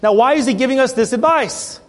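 A man preaching a sermon in a church, passionate, with joking asides and frequent throat clearing. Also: very high-pitched, brisk.

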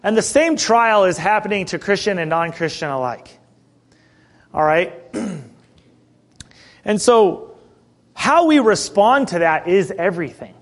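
A middle-aged man preaching a sermon in a conversational way, asking the congregation questions and often clearing his throat. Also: high voice, lively intonation, a little slow, pauses often. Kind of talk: sermon with personal story.

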